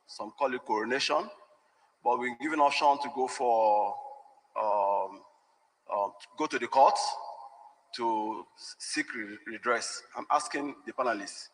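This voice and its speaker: A man asking a formal question at a press conference, pausing to search for his words. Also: mid-range voice, a bit bright, in a large hall, low-quality recording. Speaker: youth politics official asking questions.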